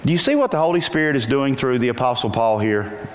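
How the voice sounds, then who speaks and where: A male preacher gives a sermon packed with questions for his listeners, drawing out quoted lines slowly in a singsong style with large pitch shifts. His animated delivery is recorded in a hall with long reverb and faint noise.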